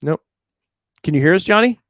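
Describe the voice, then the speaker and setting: A man's voice: a little high, animated, moderate pace, a bit bright, no echo, studio quality. A man co-hosting a car livestream, chatting casually in a rambling, joking way that often stops to correct himself. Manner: rambling, self-correcting, jokey. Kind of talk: casual live chat.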